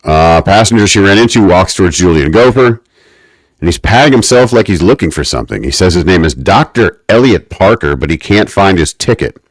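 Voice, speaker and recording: A man with a very low voice recaps a TV episode on a podcast, slipping into mock-academic rants. The sound is dry and close, with no room around it. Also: expressive, brisk, no echo. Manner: wry, mock-academic ranting. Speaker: podcast co-host. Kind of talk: casual podcast recap chat.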